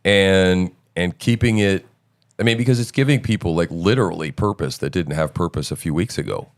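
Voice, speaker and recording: A man's voice: low voice, a little fast. A middle-aged man hosting a casual live-stream chat, rambling loosely with many fillers and restarts. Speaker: show host.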